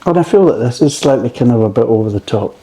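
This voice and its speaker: A man's voice: medium pitch, animated, fast, mellow. A man reviewing beer in a casual, rambling way, swearing freely and drifting off into tangents. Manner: rambling, profane, digressive.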